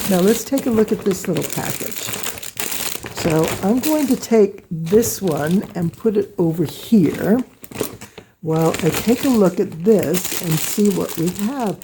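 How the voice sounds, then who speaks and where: A woman hosting a quilting vlog, gushing with excited exclamations as she shows items to the camera in her home sewing room. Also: medium pitch, noisy background. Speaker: quilting channel host. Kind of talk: casual show-and-tell vlog. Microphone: camera close by on a table.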